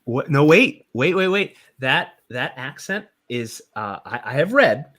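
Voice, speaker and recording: A man co-hosting a casual panel chat about writing comics, talking in a halting, rambling way with many fillers. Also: medium pitch, big pitch swings, a bit bright. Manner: rambling, halting, laughs often. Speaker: co-host, comic writer.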